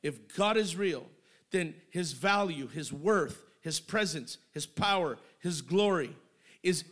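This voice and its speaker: High-pitched middle-aged man preaching with fire in church. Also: expressive, slow pace. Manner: impassioned, building to shouting. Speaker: pastor. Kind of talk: sermon. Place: church sanctuary.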